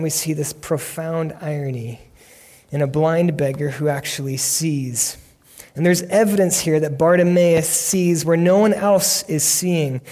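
A male pastor preaches and tells stories with earnest conviction, his voice rising into shouts as he acts out scenes. He sits high in pitch.

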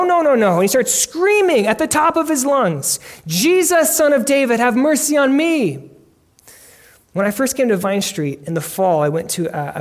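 A pastor, a man, preaching a sermon and telling stories with earnest conviction, his voice climbing into shouts when he acts out a scene. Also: high voice.

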